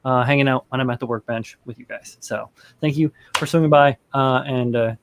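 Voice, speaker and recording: A man's voice: mid-range voice, steady tone, fairly quick, no room sound. A man on a panel call giving a loose, casual sign-off, swearing easily.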